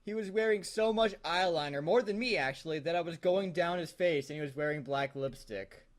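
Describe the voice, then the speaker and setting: A young man reading a fan story aloud for laughs, giggly and animated. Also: on the high side, brisk. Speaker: co-host.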